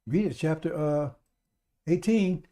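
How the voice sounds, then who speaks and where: A man's voice: a little high, slow pace, dark tone. Emphatic, repetitive male radio preacher. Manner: repetitive, emphatic exhortation to brothers and sisters. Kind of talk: live-streamed radio sermon.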